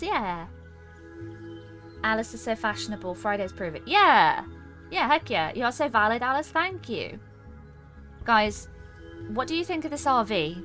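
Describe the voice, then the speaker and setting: A woman's voice: a little high, fairly bright tone. A woman streaming a game, chatting playfully with her viewers and joking around. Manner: playful, giggly, chats to viewers. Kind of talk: casual gaming stream chat.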